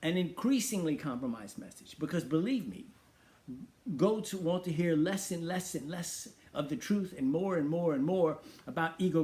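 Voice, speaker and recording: A middle-aged man hosting a talk show, preaching emphatically and firing off rhetorical questions. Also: fairly high pitch. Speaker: radio show host. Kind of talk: preaching monologue.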